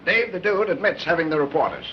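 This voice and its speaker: An actor playing an indignant city mayor who gives brisk orders in an old film. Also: male voice, on the high side, a little hiss or hum, lightly acted. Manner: brisk, commanding. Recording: dull muffled 1930s film soundtrack.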